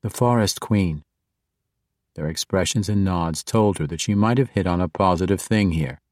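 Low-voiced man narrating a fantasy book. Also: normal speed, a little mellow, dry recording, clean studio sound. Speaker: audiobook narrator.

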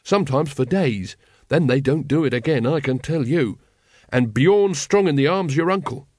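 An earnest, literal-minded young recruit voiced by a man in an audiobook. He speaks plainly and keenly, in a lively voice recorded dry and close. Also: fairly high pitch, normal speed, no echo.

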